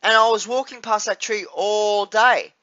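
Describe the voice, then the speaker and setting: An Australian man with a high, bright voice talks slowly and loosely, rambling through fillers and restarts and swearing freely. The recording is a little dull and lo-fi. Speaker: vlogger. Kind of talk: casual vlog chat.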